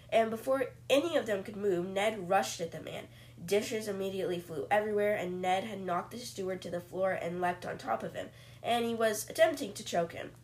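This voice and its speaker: A woman hosting a podcast, casually retelling a novel in a chatty way with lots of filler words. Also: medium pitch. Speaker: podcast host. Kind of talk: casual book-summary narration.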